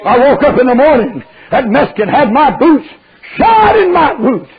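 An older man preaching a fiery sermon, drawling through stories and breaking into shouts. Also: very high-pitched, big pitch swings, normal speed, a crowd in the background. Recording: dull lo-fi recording.

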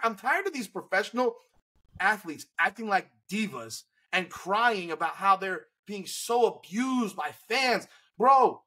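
Male podcast host, high husky voice, blunt and heated. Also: sharp tone. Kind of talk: casual sports chat.

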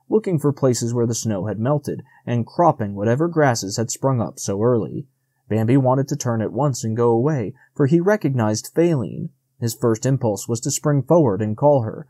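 Reading a classic novel for an audiobook, this medium-pitched male narrator keeps a measured, steady storytelling pace. The recording has no echo.

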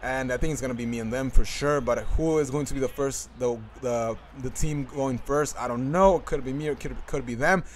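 A man's voice: medium pitch, a little fast, hardly any pauses, slight background noise. A young man giving casual commentary over his football video game, rambling with lots of fillers and restarts. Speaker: gaming commentator.

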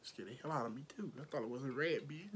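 With a bass voice and a quick pace, a woman makeup artist films a storytime vlog indoors under hot, bright lights that leave her sweating. She's blunt and profane, acts out every quote, and the background is noisy.

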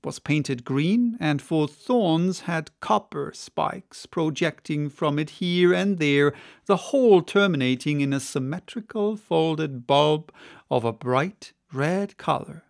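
A man narrating an unabridged classic novel as an audiobook, reading in a measured, expressive way. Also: fairly high pitch, creaky.

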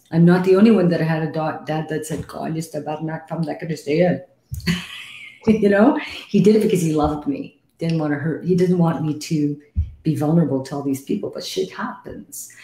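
A woman's voice: deep voice, warm tone. A middle-aged woman hosting a live call-in psychic reading show, talking bluntly and frankly, swearing freely and calling callers sweetie. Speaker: psychic medium host. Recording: roomy echo.

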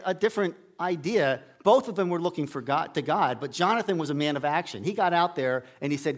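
In a church sanctuary, a middle-aged man gives a folksy storytelling sermon, raising his voice to act out the lines of Bible characters. He speaks a little fast and animatedly in a higher register, with hardly any pauses.

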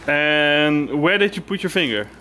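A man's voice: a little high, expressive, measured pace, sharp tone, a little hiss or hum. A man making dry, skeptical remarks in a casual vlog. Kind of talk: casual chat. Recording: roomy echo.

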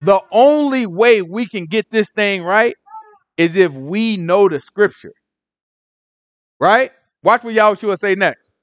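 A man explaining scripture in a relaxed, slangy way, full of animated asides to his listeners. His voice sits high for a man and sounds dry and close, with no room echo. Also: takes it slowly, highs cut off. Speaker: Bible teacher. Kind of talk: informal Bible teaching.

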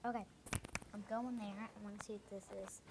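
A female gamer in casual commentary, muttering to herself slowly as she plays. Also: mid-range voice, little pitch movement. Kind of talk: gameplay commentary. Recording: game noise behind.

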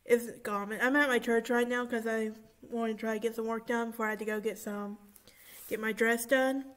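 A young woman in her twenties talking casually and excitedly to her viewers, with many fillers, recording in a church room. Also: fairly high pitch, fairly quick. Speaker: vlogger. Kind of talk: casual vlog chat.

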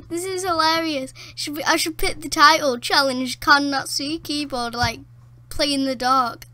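Excitable bright high-voiced woman gamer. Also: moderate pace, no echo. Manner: excitable, gasping and laughing, frequent exclamations. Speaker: gameplay commentator. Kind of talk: casual gameplay commentary. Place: at home in a dark room.

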